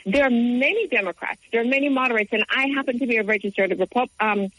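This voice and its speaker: A woman speaking as a guest on a talk show, explaining politics in an articulate, measured way. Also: a little high, fairly bright tone, rough recording. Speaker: guest commentator. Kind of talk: political discussion.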